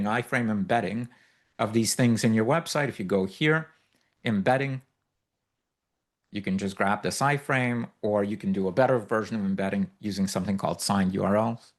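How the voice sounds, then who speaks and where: A man runs a live software demo for a workshop audience. He explains each step loosely, with many fillers and quick asides, in a mid-pitched voice. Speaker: workshop instructor.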